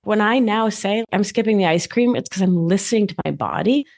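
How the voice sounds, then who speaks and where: A woman talking as a podcast guest, animated and playful, with sudden jumps in pitch. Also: fairly quick, vocal fry. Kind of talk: conversational interview.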